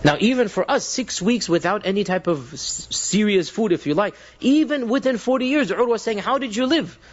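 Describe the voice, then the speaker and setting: A man's voice: high voice, expressive, brisk. A man giving a sermon to a gathered audience, telling stories, acting out quoted speakers and speaking directly to his listeners. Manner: storytelling, acts out quoted voices, addresses audience directly. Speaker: preacher. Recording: dull lo-fi recording.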